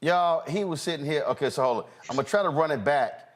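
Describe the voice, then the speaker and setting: A male talk-show host giving animated, mocking political commentary, often halting and restarting. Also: on the high side.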